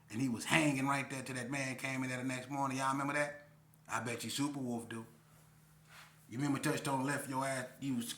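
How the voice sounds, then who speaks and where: A man in his forties from Las Vegas spins a neighborhood tale in loose, slangy talk, acting out each scene as he goes. His voice has a bright, forceful edge at a middle pitch. The room around him sounds echoey. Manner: animated, acts out scenes, slangy and repetitive. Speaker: storyteller. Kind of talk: casual street storytelling. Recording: roomy echo.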